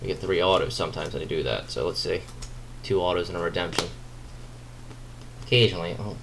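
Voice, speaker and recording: A man with a fairly low voice talks his way through a card break, chatty and easily excited, muttering small asides as he opens each pack. A faint hum of room noise sits behind him. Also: a little fast, creaky. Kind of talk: live card-break commentary.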